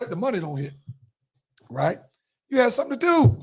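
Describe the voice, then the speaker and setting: A podcast host telling animated, profane stories in street slang during a casual chat. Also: male voice, very high voice, normal speed, creaky, breathy edge.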